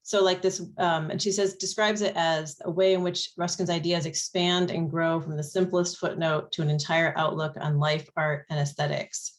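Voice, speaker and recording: A woman with a low voice talking eagerly in a discussion. She strings thoughts together loosely, peppered with "you know", and sounds keen on the ideas. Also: little pitch movement, moderate pace, hardly any pauses. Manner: chatty, enthusiastic, many "you know"s. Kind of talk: discussion talk.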